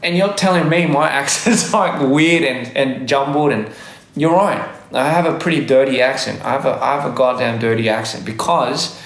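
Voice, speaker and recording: A man's voice: mid-range voice, moderate pace, echoey room. A young man with a faded Australian accent, chatting casually on a livestream while reading comments and often correcting himself. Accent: Australian, worn down by years in Korea and America. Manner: rambling, self-correcting, laughs often. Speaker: livestream host. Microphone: phone livestream mic.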